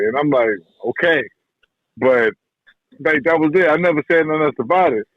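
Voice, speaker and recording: A man who trains boxers tells stories about his mentor in a relaxed, slangy way, often repeating himself. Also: fairly high pitch, fairly quick, no echo. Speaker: boxing trainer, guest. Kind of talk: casual interview talk. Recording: dull podcast audio, dry.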